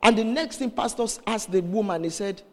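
Male preacher, high lively voice, storytelling sermon in a reverberant hall. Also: a little fast. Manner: animated storytelling, acts out voices in quotes.

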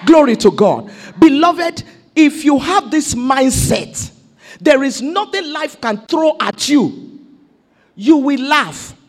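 A Nigerian woman pastor preaching an exuberant sermon that rises to shouted declarations. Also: sits high, lively intonation, slow.

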